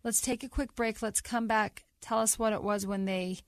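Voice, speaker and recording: A woman hosting an interview podcast, asking questions in a steady, conversational way. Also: mid-range voice, normal speed, no echo, clean studio sound. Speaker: podcast host.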